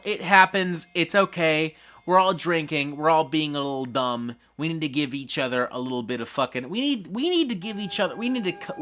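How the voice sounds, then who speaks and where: A man's voice: on the high side, sharp tone. A man hosting a casual livestream, reading chat messages aloud and reacting with frequent swearing.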